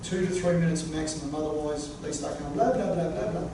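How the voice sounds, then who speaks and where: A man's voice: fairly high pitch, a little fast. A man presenting a sports coaching workshop to a live group, joking and punchy. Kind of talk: workshop talk. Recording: echoey room, far from mic, noisy.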